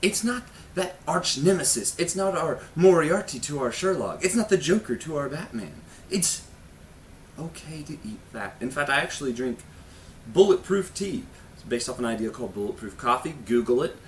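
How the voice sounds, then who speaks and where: A man's voice: fairly high pitch, lively intonation, normal speed, a little hiss or hum. A man hosting a casual health vlog, talking in an awkward, self-mocking way with rambling, jokey asides. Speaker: host of a health ministry channel.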